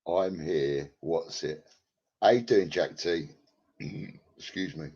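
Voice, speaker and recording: A very deep, gravelly man rambles through a casual live stream from his flat, swearing freely and bantering with viewers by name. His voice is husky and worn, heard through a headset. The sound is dull and lo-fi. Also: slow. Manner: rambling, crude and profane, banters with chat by name.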